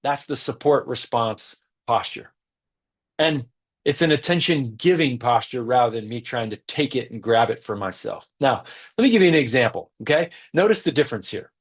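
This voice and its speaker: A man's voice: mid-range voice, lively intonation, normal speed, husky. A man giving an earnest teaching talk on leadership who stresses his key points by repeating them.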